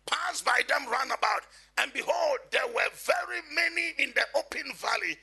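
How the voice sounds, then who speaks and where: A man preaching an impassioned sermon, swinging between quiet reading and shouting. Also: extremely high pitch, lively intonation, moderate pace, vocal fry.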